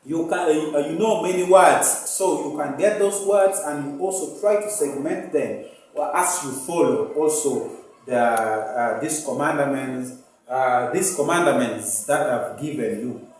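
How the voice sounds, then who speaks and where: Man, East African English accent, teacher, phonics lesson, repeats and sounds out words, slow, strong room echo, distant mic. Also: on the high side, a little hiss or hum. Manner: repeats words and rules patiently, sounding out syllables.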